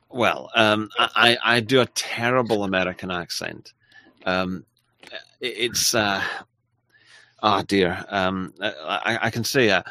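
A man hosting a casual livestream, reading viewer messages aloud in a halting, apologetic way. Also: fairly low pitch, sharp tone, no room sound. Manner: halting and apologetic, with frequent restarts and laughs. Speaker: livestream host.

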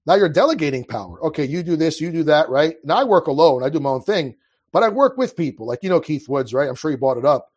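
Male guest, fairly high husky voice, impassioned and earnest, casual talk with frequent restarts. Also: lively intonation, fast talker, a little mellow. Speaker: podcast guest. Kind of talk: casual conversational monologue.

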